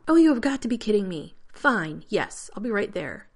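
A woman's voice: mid-range voice, natural voice. A woman reading a story aloud, voicing a sarcastic, flustered male scientist who snaps and complains. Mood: irritated. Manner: snappish, rapid complaints.

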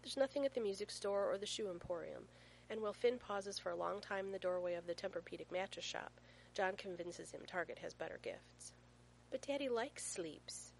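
A woman reading a story aloud with playful, expressive comic timing. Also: medium pitch, brisk, creaky, a little hiss or hum, poor audio. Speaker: reader. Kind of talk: storytelling narration.

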